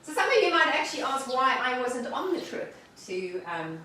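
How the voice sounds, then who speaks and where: A woman's voice: high-pitched, very animated, normal speed, bright, forceful tone, far from the mic, slight background noise. A woman from Africa, speaking, hosts a home cooking video. She talks in a chatty, rambling way and laughs easily. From South Africa. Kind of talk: casual cooking demonstration and chat. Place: home kitchen. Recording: echoey room, voice away from the mic.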